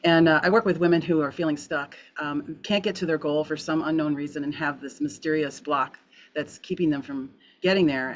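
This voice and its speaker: A woman's voice: sits low, steady tone, brisk. A woman guest on a video call, a healer talking in a chatty way and laughing easily. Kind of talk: casual panel chat. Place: home in Iowa. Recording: dull lo-fi call audio with faint noise.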